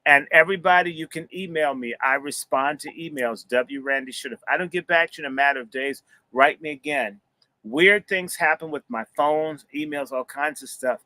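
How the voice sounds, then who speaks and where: A man's voice: fairly high pitch, sharp tone, no room sound. A man hosting a livestream, talking in a rambling, profane, sermon-like way. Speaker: host and minister. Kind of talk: preacherly livestream talk.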